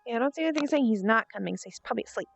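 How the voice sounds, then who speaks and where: A woman streamer with a slightly high, creaky, expressive voice talks very fast as she narrates her own actions while waiting for someone. It's chatty thinking aloud, captured in dull lo-fi stream audio with faint music.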